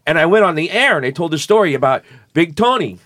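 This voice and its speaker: A man's voice: on the high side, very animated, fast talker, fairly bright tone, dry recording, studio quality. A man hosting a casual chat, telling long rambling stories with crude language and many restarts.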